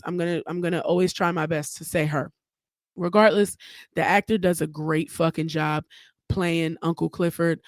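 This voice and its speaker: A woman's voice: on the low side, dry recording. Woman podcaster, solo chat, salty and outspoken, dry close sound. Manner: blunt, profane, chatty. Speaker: podcast host. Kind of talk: casual solo podcast commentary.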